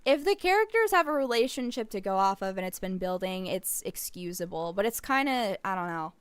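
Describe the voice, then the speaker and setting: A woman streamer doing let's play commentary, rambling and gushing excitedly over what she sees. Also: medium pitch, brisk, clean tone, no room sound.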